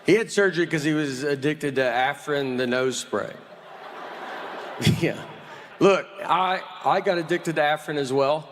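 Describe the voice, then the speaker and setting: A comedian telling stand-up stories in a slow, deadpan drawl. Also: male voice, on the high side. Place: live venue with audience. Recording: live audience noise.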